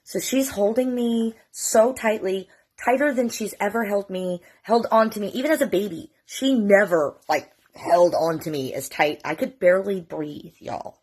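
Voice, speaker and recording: A woman's voice: mid-range voice, moderate pace, hardly any pauses, darkish tone, slightly rough. A middle-aged woman tells a family story to the camera in a casual vlog, emotional and fighting back tears, swearing freely. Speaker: mother telling her family's story.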